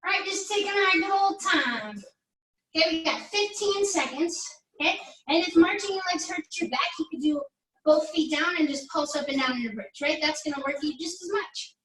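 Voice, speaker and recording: Woman pilates instructor, high voice, chatty rep-counting, roomy distant sound. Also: animated, moderate pace, fairly bright tone. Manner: encouraging, chatty, counts down reps. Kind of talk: workout class instruction. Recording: echoey room, mic at a distance.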